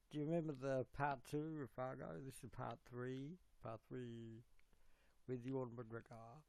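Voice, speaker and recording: A man chatting casually on a livestream, rambling and halting as he corrects himself. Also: mid-range voice, fairly even intonation, gravelly, a little mellow, no room sound.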